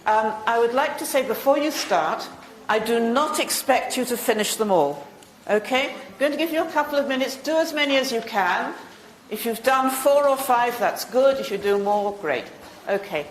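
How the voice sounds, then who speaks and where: A woman from Britain leading a teacher-training workshop, asking the audience quiz questions and briskly confirming their answers. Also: fairly high pitch, expressive, a little hiss or hum. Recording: echoey room.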